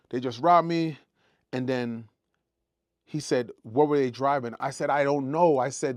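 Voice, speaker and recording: Animated man telling a story, dry sound. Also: medium pitch, dry recording. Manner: animated storytelling, acts out his own panicked shouts. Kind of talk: casual storytime retelling.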